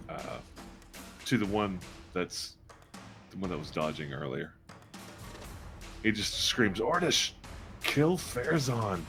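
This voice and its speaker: A man's voice: low voice, fairly bright tone. A man running a tabletop role-playing game as game master, narrating combat results with animation.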